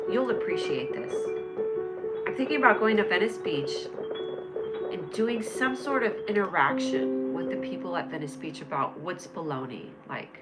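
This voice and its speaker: A woman's voice: medium pitch, very animated, normal speed, loud music behind the voice. Bubbly rambling woman livestream host. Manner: bubbly, rambling, reads chat comments aloud and answers viewers. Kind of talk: casual livestream chat.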